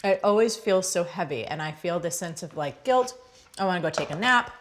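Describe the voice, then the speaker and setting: A woman's voice: on the low side, animated, a little fast, heavy background noise. A woman hosting a casual cooking show, bubbly and enthusiastic, often exclaiming with delight. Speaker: host.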